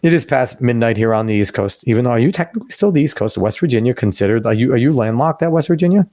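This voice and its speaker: A man's voice: mid-range voice, lively intonation, fast talker, mellow, no room sound, clean studio sound. A man co-hosting a podcast over a video call, ranting emphatically with profanity and sudden rising outbursts. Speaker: podcast co-host. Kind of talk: casual opinion podcast chat.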